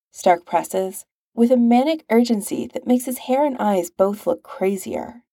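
A woman reading a story aloud as narrator, wry and expressive. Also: medium pitch, a little slow, vocal fry, dry recording, studio quality. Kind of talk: reading fan fiction aloud.

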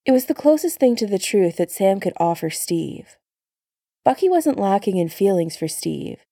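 A woman narrating fan fiction aloud in a calm, even storytelling manner. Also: medium pitch, moderate pace, no room sound, clean studio sound.

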